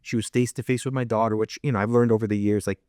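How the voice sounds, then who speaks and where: A man's voice: lowish voice, fairly even intonation, very fast, darkish tone, dry recording, studio quality. A middle-aged man hosting an interview, telling a family story with many restarts and acted-out voices. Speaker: host.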